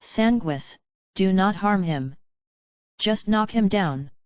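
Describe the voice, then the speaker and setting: A woman reading a calm, confident leader. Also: sits high, slow, clear, resonant tone, dry recording, muffled recording. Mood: instructing. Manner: easygoing, commanding.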